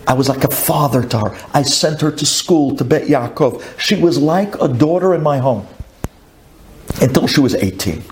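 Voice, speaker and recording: A man's voice: medium pitch, lively intonation, normal speed, a little hiss or hum, close to an everyday voice. A man voicing a humble male butcher who earnestly recounts an old memory to a rabbi. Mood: recounting. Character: humble middle-aged male butcher, confiding.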